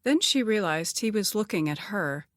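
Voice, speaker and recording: A woman reading a novel aloud as an audiobook narrator, in an even, measured storytelling voice. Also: mid-range voice, no echo, studio quality. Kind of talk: scripted narration.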